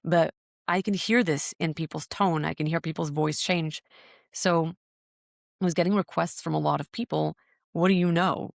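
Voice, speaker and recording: At normal speed, a woman with a low-pitched, creaky voice and fairly even intonation shares her story as a podcast guest. She teaches breathwork, and her reflective delivery is earnest and searching, often repeating words. The recording is dry and clean, from a studio.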